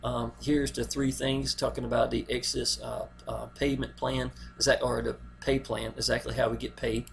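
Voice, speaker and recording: A man's voice: medium pitch, level tone, moderate pace, creaky, few pauses, a little hiss or hum. A man, promoting a network marketing plan in a folksy, rambling way and talking straight to the viewer. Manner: folksy, rambling, keeps saying "y'all". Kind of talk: casual video pitch.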